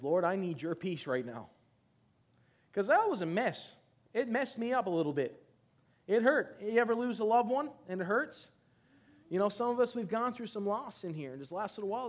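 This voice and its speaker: A middle-aged male pastor preaching a sermon, reading scripture with emphasis and urging his congregation to respond. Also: high voice. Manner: exhorting, calls for congregation responses; reads scripture emphatically, slowing on key phrases.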